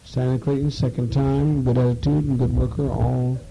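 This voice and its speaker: A man leading a program and addressing a group informally, halting and repeating words for emphasis. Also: mid-range voice, little pitch movement, creaky, background noise.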